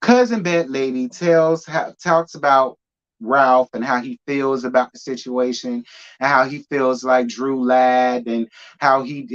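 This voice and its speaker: A man hosting a live reality TV review, talking in a sassy, emphatic way and repeating lines for effect. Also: medium pitch. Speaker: reality TV recap host. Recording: muffled lo-fi audio.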